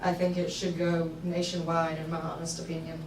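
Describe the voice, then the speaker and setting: A woman's voice: fairly low pitch, monotone, brisk. A woman in her thirties giving a nervous, heartfelt speech about her recovery at an event. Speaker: speaker sharing her recovery story. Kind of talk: emotional public speech. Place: event hall with a crowd. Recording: roomy hall, distant mic, noise.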